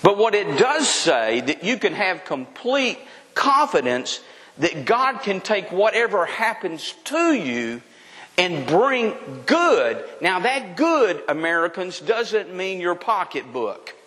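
A man preaching to his congregation in a high, lively voice that swoops up and down as he builds emphasis. He keeps turning to the room with direct questions. His words ring out with a long reverb, as in a large hall. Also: slow pace. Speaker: pastor. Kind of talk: sermon.

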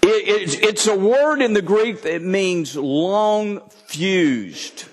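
Slow-speaking preacher, high voice. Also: male voice, lively intonation, big-room sound. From Texas. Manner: reads scripture then explains it with humor. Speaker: pastor. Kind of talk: sermon.

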